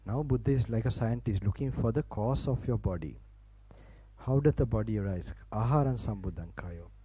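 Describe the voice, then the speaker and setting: A Buddhist monk from Sri Lanka, whose first language is Sinhala, offers a Dhamma talk in English to a live audience at a university campus hall. He has a warm, mid-range voice at normal speed, heard over slight background noise on poor audio. Informal and chatty, he laughs frequently and restarts broken phrases while guiding relaxation.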